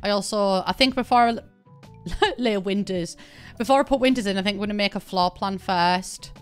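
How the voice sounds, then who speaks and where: Young British female streamer, smooth clear voice, rambly and giggly, faint music underneath. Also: mid-range voice, normal speed. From Britain. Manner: chatty, rambling, laughs often, swears casually. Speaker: game streamer. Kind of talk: casual live-stream chat while playing.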